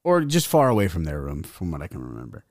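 A young man tells a long, rambling story in casual chat, cursing and laughing along the way. His voice sits on the low side and sounds close and dry. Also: huge pitch swings, fast talker, no echo. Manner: profane, rambling, laughs as he talks. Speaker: guest rapper.

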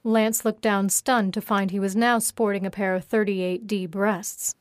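A woman reads an audiobook in a steady, even voice. Her pitch sits in a medium range. The recording is dry and close. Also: a little slow, dry recording. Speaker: narrator. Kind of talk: audiobook narration.

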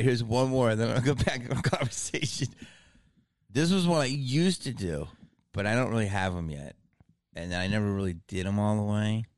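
A man hosting a casual chat, telling stories in an animated way and swearing freely. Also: mid-range voice, no room sound, clean studio sound.

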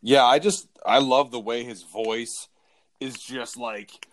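A man's voice: medium pitch, steady tone, slow, fairly bright tone, slight background noise. A man co-hosting a casual music chat, reflective, searching for words as he explains a sound. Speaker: podcast co-host.

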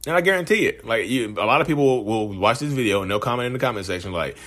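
A man's voice: mid-range voice, animated, fast, fairly bright tone. A man hosting his own vlog, talking casually to camera in a rambling way, restarting sentences and addressing viewers directly. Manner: rambling, conversational, frequent restarts and asides to viewers. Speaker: vlog host.

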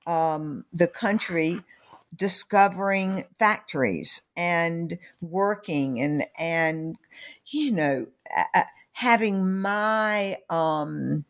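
Casting: middle-aged woman, lowish voice, slow delivery with hesitant fillers, interviewed author. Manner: unhurried, many fillers and restarts. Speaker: author and company founder. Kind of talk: podcast interview.

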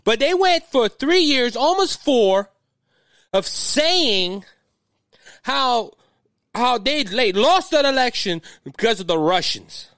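A man's voice: very high-pitched, a bit bright, no echo, studio quality. A middle-aged man with a Cajun accent hosting a political podcast, talking in an agitated, rambling way and often repeating words. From Louisiana. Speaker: podcast host.

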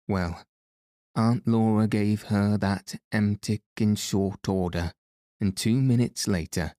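A man reads a novel aloud in a calm, measured way. His voice is low and mellow, and his pace is slow. The recording is dry and close. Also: dry recording. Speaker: audiobook narrator. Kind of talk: scripted narration of a novel.

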